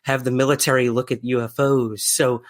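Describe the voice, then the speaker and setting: A man's voice: medium pitch, level tone, moderate pace. A man hosting a podcast interview, asking questions in a friendly way with many fillers, and reading out listener questions. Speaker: podcast host.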